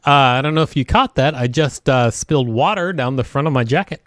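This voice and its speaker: A man hosting a live-streamed talent show over a video call, halting with many fillers and dry jokes. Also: mid-range voice, fairly bright tone, no echo.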